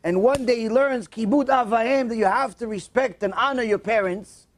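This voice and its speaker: A man telling a moral story in a sermon, animated and emotional, acting out the voices. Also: very high-pitched, moderate pace. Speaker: religious storyteller.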